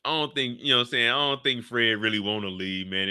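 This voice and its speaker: A man's voice: mid-range voice, quick pace, sharp tone, smooth, dry recording, clean studio sound. A man hosting a show recap in loose, slangy live commentary, laughing often and mimicking characters.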